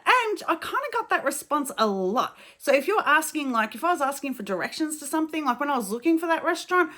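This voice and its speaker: A woman's voice: high voice, sing-song, fast, few pauses, pushed and bright. An Australian woman telling travel stories to camera in a frank, chatty way, with swearing and many fillers. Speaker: travel vlogger. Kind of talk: casual storytelling to camera.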